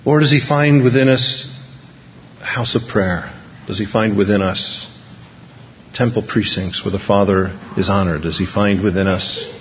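In a church hall, a man with a fairly low voice preaches an impassioned sermon at normal speed, building to emphatic repeated peaks. The dull lo-fi recording has long hall reverb and slight background noise.

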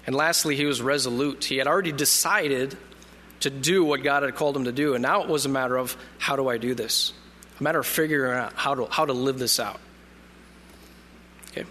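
A man's voice: mid-range voice, steady tone, moderate pace, bright, forceful tone, a little hiss or hum. A man preaching a sermon in a conversational way, reading scripture aloud and joking when he trips over names. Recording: long reverb of a hall.

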